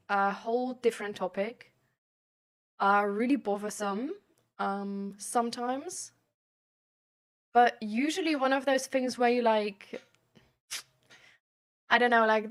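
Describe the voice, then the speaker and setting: A young woman streaming and answering chat questions in casual talk, rambling with lots of "like" and "um". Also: medium pitch. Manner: rambling, fills every phrase with "like" and "um".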